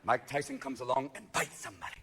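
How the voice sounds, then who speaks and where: A man performing a stand-up comedy set, manic and shouting, jumping between voices and impressions. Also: medium pitch, lively intonation, quick pace, background noise. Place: large theater with live audience. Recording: live theater recording with crowd laughter. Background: audience laughter and applause.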